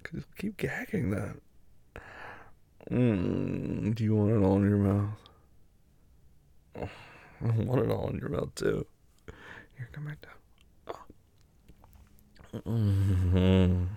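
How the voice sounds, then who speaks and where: Slow, gravelly man murmuring close. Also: lowish voice, dark tone, dry recording. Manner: murmured, breathy, often whispered asides. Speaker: adult audio performer. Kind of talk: intimate audio role-play.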